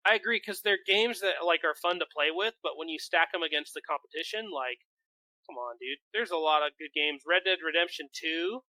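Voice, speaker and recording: A man's voice: a little high, fairly quick, sharp tone, no echo, poor audio. A man co-hosting a podcast, chatting casually with lots of filler words and swearing. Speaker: podcast co-host. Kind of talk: casual chat.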